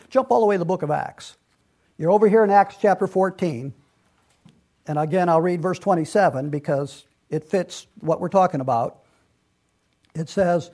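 A man's voice: sits high, darkish tone. A man preaching a Bible lesson in an earnest, conversational way, often restarting his sentences and adding asides. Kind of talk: sermon-style Bible teaching.

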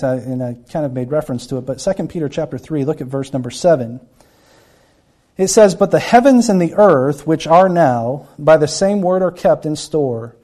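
A man's voice: fairly high pitch, dark tone. A man preaching a Bible-teaching sermon, earnest and often repeating words as he acts out the people he quotes.

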